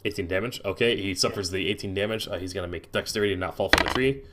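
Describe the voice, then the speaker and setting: A man's voice: sits low, very fast, pushed and bright. A man narrating as game master of a tabletop game, hesitant and full of restarts.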